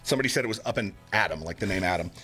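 A young man chats as a morning radio host, his voice bright and ringing, his pitch swinging widely as he jokes. He laughs at his own puns, with soft music under him. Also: animated, rapid-fire. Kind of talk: casual radio chat.

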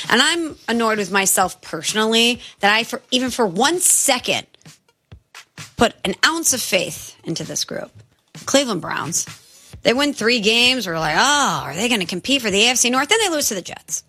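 A woman co-hosts a sports talk show in a bright, clear voice. She speaks emphatically and skeptically as she works through her picks. Light music plays underneath. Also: mid-range voice.

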